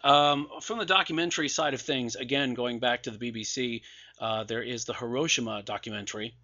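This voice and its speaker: Rambling sarcastic man, bright tense voice. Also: medium pitch, brisk, muffled recording. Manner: sarcastic, rambling, many fillers and restarts. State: losing his voice. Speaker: DVD release reviewer. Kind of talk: casual podcast commentary.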